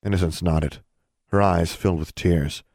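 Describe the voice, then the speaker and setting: Brief: low-pitched male narrator, even delivery, dry booth sound. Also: normal speed, no room sound. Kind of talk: audiobook narration.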